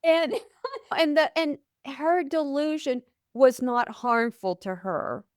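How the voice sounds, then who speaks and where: A woman's voice: high-pitched, slow pace, darkish tone, no room sound, studio quality. A middle-aged woman, a nurse hosting a podcast, asking questions and telling anecdotes from her nursing work. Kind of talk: conversational podcast interview.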